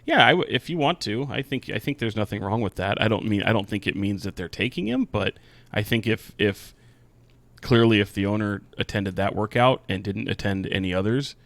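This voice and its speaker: A man co-hosting a sports podcast in a relaxed, joking way. His voice sits a bit low and sounds dry and close. He rambles, restarts and teases the others. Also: fairly quick, no echo. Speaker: podcast co-host. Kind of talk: casual sports chat.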